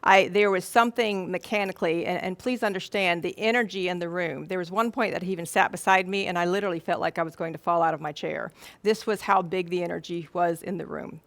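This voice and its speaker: Earnest woman telling a story, low voice. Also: fast, no room sound. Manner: earnest, animated, with emphatic repetition. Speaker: speaker. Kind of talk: storytelling talk to a live audience. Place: event room or hall with an audience.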